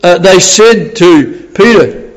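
A man's voice: high voice, expressive, takes it slowly, in a large hall, poor audio. A man preaching a sermon in a chatty, storytelling way, laughing often and repeating words as he goes.

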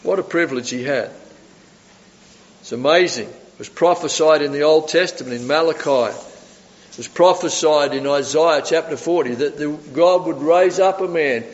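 Male pastor preaching a storytelling sermon with chuckles; higher-pitched, lo-fi hall sound with long reverb. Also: normal speed. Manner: animated storytelling, chuckling often.

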